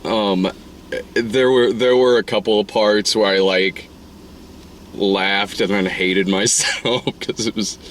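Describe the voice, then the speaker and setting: A man co-hosting a casual movie review chat, rambling and swearing, often laughing and putting on high voices to act out scenes. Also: steady tone, takes it slowly, slight background noise. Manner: rambling, profane, laughs often, acts out lines in falsetto. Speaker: podcast co-host reviewing a movie.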